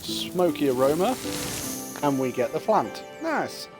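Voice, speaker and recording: A man's voice: fairly high pitch, expressive, normal speed, over music. A man, chatting casually and rambling while streaming a puzzle game. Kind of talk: casual gameplay chat.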